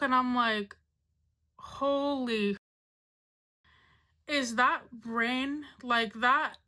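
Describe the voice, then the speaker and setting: Thirties woman vlogging a storytime, says like a lot, kinda high voice, crisp and bright. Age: 30s. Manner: dramatic storyteller, lots of "like", laughs at herself. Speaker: beauty vlogger. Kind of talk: casual storytime chat.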